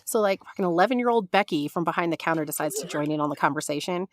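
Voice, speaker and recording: A woman in her forties, a podcast co-host, telling a story in casual chat, animated and freely swearing as she acts out other people's lines. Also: lowish voice, racing, dry recording.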